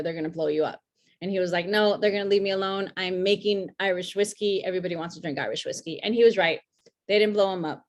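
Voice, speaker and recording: A woman hosting a virtual whiskey tasting over a video call, telling a brand's history in a loose, chatty way with many fillers and restarts. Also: medium pitch. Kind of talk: casual talk for a virtual tasting.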